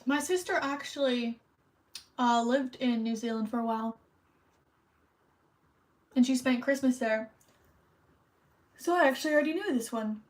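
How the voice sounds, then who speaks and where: A woman's voice: fairly high pitch, normal speed, long pauses, poor audio. A woman streamer hosting trivia in casual livestream chat, chatty and rambling, a little self-conscious.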